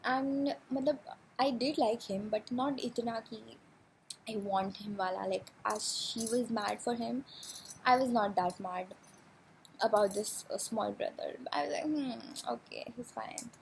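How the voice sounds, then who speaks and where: Chatty young Indian woman, gravelly edge. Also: a little high, steady tone, normal speed, slight background noise, low-quality recording. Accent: Indian English. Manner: chatty, swears freely, mixes in Hindi. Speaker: vlogger. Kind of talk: casual storytime chat.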